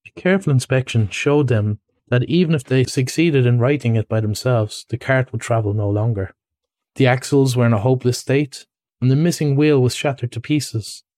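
A man narrating a classic storybook aloud in a measured, expressive reading voice. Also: medium pitch, no echo. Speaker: reader. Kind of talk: audiobook-style storybook narration.

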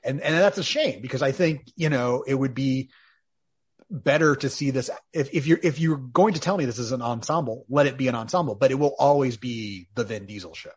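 A man's voice: mid-range voice, a little fast, slightly rough. A man co-hosting a podcast in casual chat, wry and sarcastic, often laughing at his own jokes. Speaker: podcast co-host.

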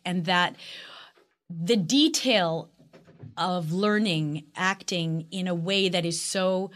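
A middle-aged woman with a Long Island accent, chatting as an actress guest in a casual interview, animated and full of fillers. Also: mid-range voice. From Long Island, New York.

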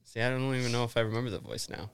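A man's voice: medium pitch, steady tone, racing, clean tone, dry recording. Laughing, swearing podcast host man. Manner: laughs often, crude swearing, restarts while reading. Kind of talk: casual chat, reading an article aloud.

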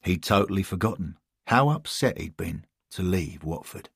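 A man reading a scripted story as narrator, measured and expressive. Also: sits low, vocal fry, slightly rough, no room sound, clean studio sound.

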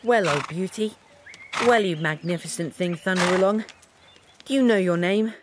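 A woman's voice: fairly low pitch, normal speed, noisy background, lightly acted. A woman voicing a brave boy who speaks earnestly and soothingly.

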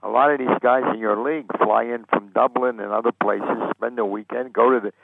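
An older American man, a sportswriter guest, telling lively anecdotes and acting out the people he quotes. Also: mid-range voice, a little fast, gravelly, dry recording. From United States. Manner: animated storyteller, acts out quoted voices. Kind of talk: anecdotal storytelling interview. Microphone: phone. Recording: tinny phone line.

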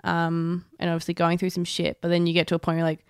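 A young woman co-hosting a casual podcast chat, talkative and quick to laugh. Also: lowish voice, monotone, smooth, no room sound, clean studio sound. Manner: chatty, laughs often, acts out quotes. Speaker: podcast co-host.

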